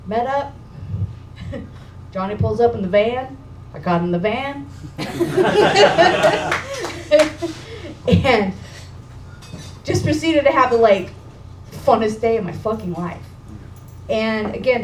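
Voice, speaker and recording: A woman with a high voice shares a heartfelt memory with a live audience, emotional yet casual and slangy. Her voice comes from far off in a reverberant room, with steady background noise around it. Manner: emotional, casual, swears and says dude. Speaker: speaker at a memorial gathering. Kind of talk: personal storytelling to an audience. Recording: echoey room, distant mic, background noise.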